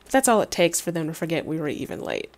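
A woman's voice: sits low, huge pitch swings, fast, gravelly. A young adult woman streaming, reading a game's text aloud with wry, laughing asides and casual swearing.

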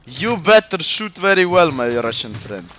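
A man commentating his own ranked match over a headset, teasing and mock-insulting his teammates, with sudden loud outbursts. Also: fairly high pitch, big pitch swings, normal speed, a crowd in the background. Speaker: gaming video host. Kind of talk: live gameplay commentary over voice chat.

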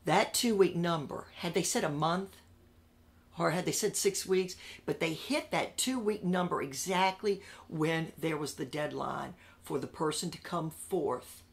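In a candid interview, a woman with a deep, unhurried voice and vocal fry tells her story animatedly and emphatically. She repeats phrases for punch and swings between loud outbursts and hushed asides.

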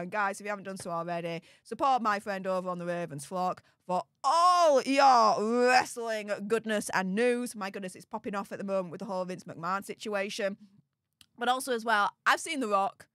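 A woman's voice: medium pitch, fairly bright tone, no room sound, studio quality. A woman with a Yorkshire accent hosting a livestream, gushing thanks to viewers for their super chats in an exclamatory, bubbly way. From England. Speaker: livestream host.

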